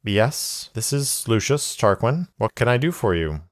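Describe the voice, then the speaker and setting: A man's voice: medium pitch, very animated, a little slow, dry recording, pitched above the performer's own voice. Brief: earnest, nervous young herald, a man doing him, dry close sound. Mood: wary. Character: young male herald, wary and pleading.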